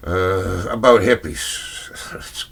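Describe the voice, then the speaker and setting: A man's voice: sits low, slow pace, vocal fry, a bit bright, slightly rough. An older man casually rambling through his record collection, chuckling and searching aloud for names he can't recall.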